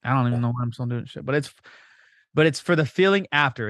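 Speaking at a medium pitch, a man hosts a podcast and keeps the conversation with his guest loose and profane. His storytelling is fast and lively, with quotes acted out in character. Clean, dry studio sound.

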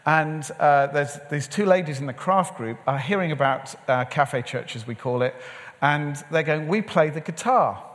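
A middle-aged man delivers a sermon in an easy, storytelling manner, acting out bits of conversation along the way. His voice sits a little high for a man. The sound rings out with a long reverb, as in a large hall. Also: moderate pace, fairly bright tone. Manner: conversational storytelling with acted-out dialogue. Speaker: preacher. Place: large church or event hall.

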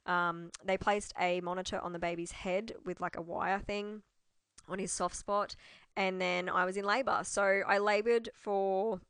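A young Australian woman telling her birth story in a chatty, animated way, acting out quoted dialogue. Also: medium pitch, measured pace, smooth, dry recording, studio quality. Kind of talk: casual storytelling.

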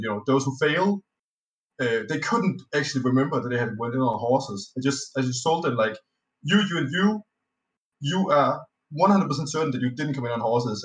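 A man, a native Danish speaker, chatting casually as a podcast guest, rambling through a tabletop game anecdote with lots of fillers, restarts and swearing. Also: mid-range voice. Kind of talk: casual storytelling chat. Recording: roomy echo, slightly off-mic.

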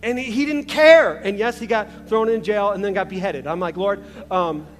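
A man's voice: sits high, moderate pace. A young male pastor preaching a casual, conversational sermon, full of restarts and asides, in a large church. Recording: reverberant church hall with faint music.

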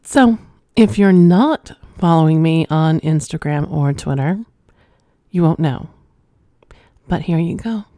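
A woman's voice: slow pace, long pauses, dark tone, dry recording, studio quality. A woman hosting a flirty adult podcast, teasing and sultry, laughing often as she talks. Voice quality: low sultry voice. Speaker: podcast host.

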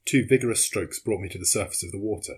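Husky low-voiced male narrator. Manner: measured, steady reading. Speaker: audiobook narrator. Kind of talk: scripted narration.

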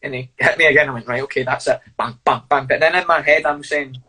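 A man's voice: mid-range voice, fairly even intonation, quick pace, few pauses, bright, forceful tone, husky, low-quality recording. A man telling sweary, laughing stories as an interview guest. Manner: blunt, sweary, laughing storyteller. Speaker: fighter and guest. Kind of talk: casual storytelling interview.

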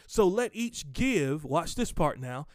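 Male preacher, fairly high voice, dry close sound, slow emphatic lines mixed with quick asides. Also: big pitch swings, no echo. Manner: reads scripture aloud and explains it conversationally. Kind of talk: sermon with scripture reading.

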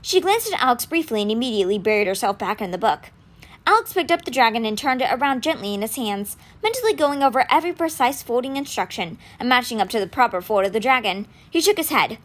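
A woman reads a novel aloud in an expressive storytelling manner. Her pitch moves freely and sits slightly high. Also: fast. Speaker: audiobook reader.

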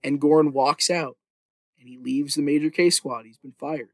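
A man's voice: a little high, fairly even intonation, moderate pace, dry recording. Dry, rambling podcast host man. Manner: rambling, profane, enthusiastic storytelling with fillers. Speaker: podcast host recapping a TV show. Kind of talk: casual podcast recap.

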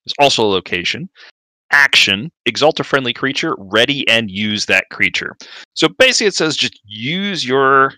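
A man co-hosting a casual card game chat, halting and full of fillers as he explains cards. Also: medium pitch, animated, bright, forceful tone, dry recording. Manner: halting, with many fillers and repeated words. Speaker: podcast co-host.

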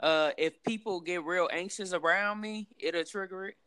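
A woman's voice: on the low side, moderate pace, fairly bright tone, clear, resonant tone, no room sound. A young woman in casual chat, telling candid, profane stories and acting out the voices of people in them. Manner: candid, profane storytelling with acted-out quotes.

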